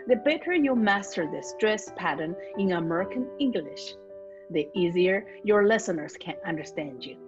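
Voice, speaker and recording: A woman hosting a conversational lesson on speaking, who reads aloud slowly and with emphasis. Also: on the low side, animated, lo-fi sound, music in the background. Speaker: host.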